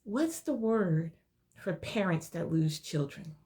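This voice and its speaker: A young woman telling a heartfelt personal story in a halting, tearful way, her voice at times dropping to a whisper. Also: fairly low pitch, lively intonation, darkish tone. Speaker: vlogger sharing a personal story. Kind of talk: emotional personal testimony.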